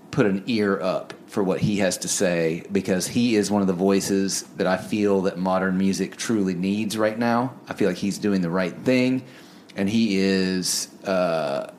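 Earnest slow-talking male co-host. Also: low voice, slight background noise. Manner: earnest, rambling with fillers. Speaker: podcast co-host. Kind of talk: casual music review chat.

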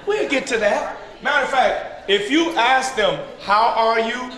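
A man preaching at a leader training, teaching through call-and-response and building to shouted peaks. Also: very high voice, expressive, unhurried. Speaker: pastor leading a leader training. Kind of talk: sermon-style teaching. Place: large church hall with an audience. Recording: echoey hall with crowd responses.

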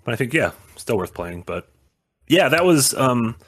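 A man's voice: medium pitch, big pitch swings, moderate pace, fairly bright tone, husky. A man co-hosting a podcast, chatting casually, hesitant, with many restarts and much agreeing. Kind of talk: casual chat.

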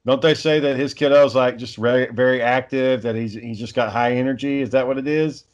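A man's voice: medium pitch, steady tone, brisk. A father in casual chat, rambling through stories about his kids and swearing freely.

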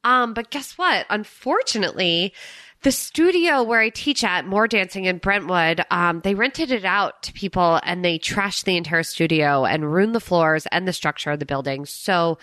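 A woman's voice: fairly low pitch, normal speed, fairly bright tone, dry recording. A woman hosting a podcast in casual chat, bubbly and effusive, who teaches dance fitness classes. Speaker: podcast host.

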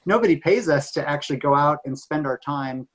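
Male guest expert, slightly high voice, measured explainer. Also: expressive, a bit bright, poor audio. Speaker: guest, public health expert. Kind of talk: conversational interview.

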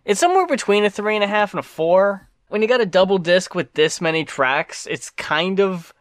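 A man co-hosting a podcast, talking in a measured, steady way as he wraps up the show. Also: high-pitched, dry recording. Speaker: podcast co-host. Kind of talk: casual chat and show outro.

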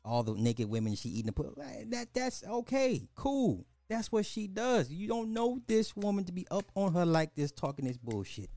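A man's voice: high voice, big pitch swings, moderate pace, hardly any pauses, dark tone, no echo. A man hosting a commentary podcast, reacting to clips in an exasperated way and repeating phrases for emphasis.

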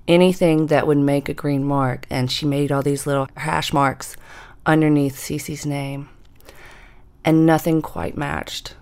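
A woman in her fifties telling a personal story in a measured, deliberate way, slowing down for emphasis. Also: deep voice. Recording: music bed under the voice.

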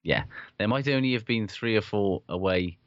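Brief: low-voiced blunt co-host, swears freely, dry muffled lo-fi recording. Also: male voice, moderate pace, no room sound. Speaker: podcast co-host. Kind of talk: casual chat about rugby. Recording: dull, dry lo-fi sound.

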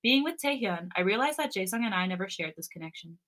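Bright-voiced girl reading fanfic out loud on a podcast, expressive, giggles now and then. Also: mid-range voice, fast. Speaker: podcast co-host. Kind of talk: reading fan fiction aloud.

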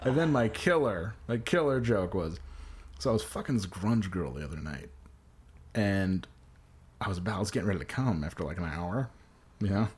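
A man's voice: sits low, animated, moderate pace, breathy edge. A man hosting a casual podcast who tells long, profane, self-mocking stories about doing comedy. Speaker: podcast host and amateur comedian.

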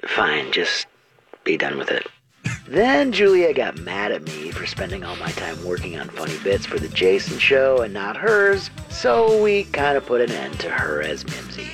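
A woman hosting a comedy show, introducing readings with wry, deadpan asides. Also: a bass voice, moderate pace, music in the background. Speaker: host. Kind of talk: comedic podcast narration.

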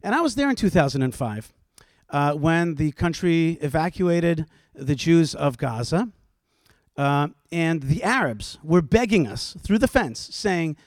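A man speaking on a panel with a fairly high voice that rises as he presses his point. He is forceful and fires off rhetorical questions, often pausing on "uh". The sound is dry and close. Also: lively intonation, dry recording. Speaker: panelist, rabbi. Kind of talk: impassioned panel argument. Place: stage before a live audience.

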